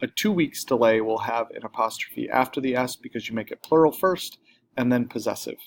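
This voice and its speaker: A man's voice: mid-range voice, fairly quick, slight background noise. A man teaching a recorded grammar lesson, explaining plainly step by step, with an occasional filler or self-correction.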